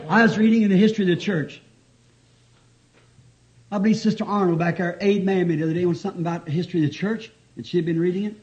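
A man's voice: high voice, fairly even intonation, fast talker, a little mellow. A man, preaching a fervent sermon to a congregation, exclaiming and chuckling between points. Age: 50s. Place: church before a responding congregation. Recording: dull old 1960s tape recording.

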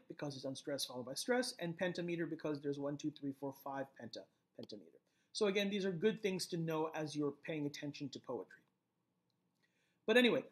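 A man giving a recorded literature lecture, explaining poetic rhythm step by step and often checking in with "right?". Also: sits high. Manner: explanatory, repeats key phrases, frequent "right?"; rhythmic chanting of stress patterns.

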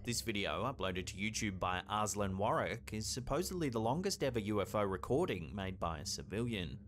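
A man reading scripted documentary-style narration in a measured, suspenseful way. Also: fairly low pitch, big pitch swings, fairly bright tone, slight background noise.

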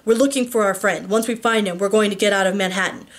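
A woman voicing an earnest, overwhelmed young alien hero who speaks in a halting, sincere way. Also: medium pitch, steady tone, close to an everyday voice.

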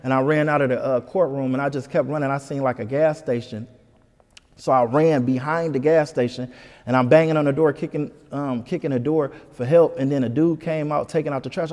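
A man from Michigan, a comedian guest, telling a story in an animated, casual way in an interview. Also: medium pitch, brisk, long reverb tail. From Detroit, Michigan. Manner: animated, keeps saying "you know what I'm saying".

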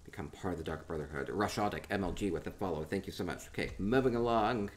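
A man with a somewhat low voice talks his way through a live game stream. He rambles in a playful, offhand way, thinking out loud and chatting as he goes. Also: fast. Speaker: streamer touring player homes in a game. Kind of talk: casual live-stream commentary.

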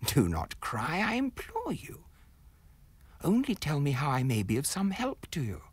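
A man voicing a frightened young man in a storybook reading, gently pleading at first, then gasping and stammering in terror. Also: on the high side, huge pitch swings, a little slow, husky, no echo, pitched above the performer's own voice, exaggerated voice. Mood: gentle pleading.

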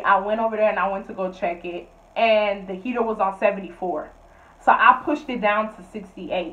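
A young woman, a college student, telling a storytime vlog in a blunt, animated and profane way. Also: on the high side, far from the mic, lo-fi sound. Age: young adult.

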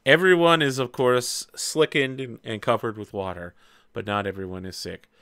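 A man's voice: mid-range voice, steady tone, moderate pace, a bit bright, clean tone, no echo, studio quality. A young man running a tabletop game, chatty, explaining rules and laughing often. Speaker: game master.

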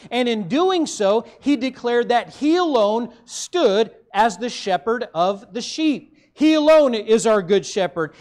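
A man with a Midwestern American accent, preaching a sermon as pastor, rising emphatically for stress and dropping low at the ends of phrases.

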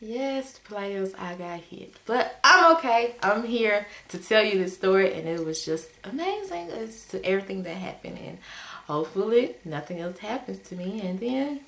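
A woman casually telling a story to her viewers in a vlog, retelling it with exasperated, animated energy. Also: normal speed, echoey room. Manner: animated, exasperated retelling with sudden pitch jumps.

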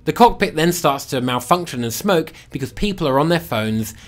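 Sarcastic man with lively delivery. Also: on the high side, moderate pace. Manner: sarcastic, animated, swings from loud to muttered asides. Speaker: YouTube film reviewer. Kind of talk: comedic commentary.

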